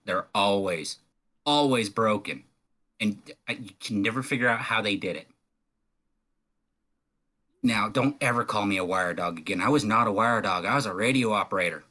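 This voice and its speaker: A man's voice: fairly low pitch, sharp tone. A man who used to be a radio operator, chatting casually with wry, defensive humor. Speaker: guest, former radio operator. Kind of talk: casual chat.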